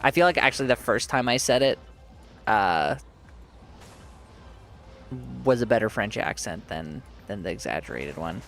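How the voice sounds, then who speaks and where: A man's voice: fairly low pitch, lively intonation, normal speed, pauses often, fairly bright tone, faint music behind. A man streaming a game, giving casual commentary while chatting with his viewers, joking at his own expense and laughing often.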